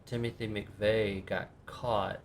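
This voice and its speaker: A middle-aged man with a lowish, gravelly voice co-hosts a loose podcast, trading puns and rambling through what he remembers. A faint room ambience runs behind him. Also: little pitch movement, takes it slowly, slight background noise. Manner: joking, wordplay, rambling recollection. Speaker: podcast co-host. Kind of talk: casual chat.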